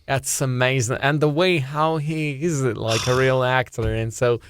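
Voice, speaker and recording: A man with a Russian accent, chatting as a comedian co-host, halting and restarting as he tells a joke story. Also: mid-range voice, steady tone, a little hiss or hum. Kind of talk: casual chat.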